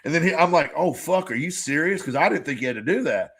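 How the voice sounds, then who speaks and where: This man's voice is fairly high, a bit bright and slightly rough, with lively intonation and a quick pace. Co-hosting a relaxed podcast, he wanders through stories, voicing both sides of conversations and cursing freely.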